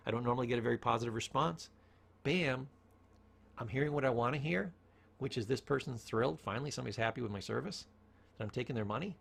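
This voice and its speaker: A man's voice: mid-range voice, fast, fairly bright tone. A man giving a motivational talk on communication, telling stories and asking rhetorical questions. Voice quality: gravelly, husky voice. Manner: storytelling, asks rhetorical questions, varies tone for emphasis. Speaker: speaker on communication.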